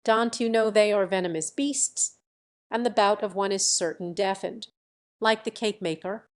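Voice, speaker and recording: A woman reads out a brusque village baker from a fairy tale. He is quick to anger and accuses as he speaks, in a voice near her ordinary reading tone. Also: medium pitch, natural voice. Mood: angry. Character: angry grown man, village baker.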